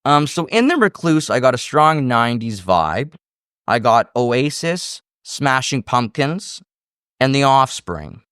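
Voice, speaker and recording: A man hosting a podcast in casual chat, telling stories with lively acted-out quotes. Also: medium pitch, takes it slowly, smooth, dry recording, studio quality. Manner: animated storyteller, acts out quotes. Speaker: podcast host.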